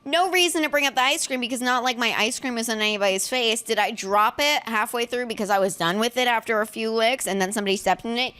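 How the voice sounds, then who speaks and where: A woman's voice: fairly high pitch, fast talker, few pauses, sharp tone, clear, resonant tone, dry recording. A woman in her twenties hosting a casual comedy podcast, brash and teasing with crude jokes. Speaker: podcast host.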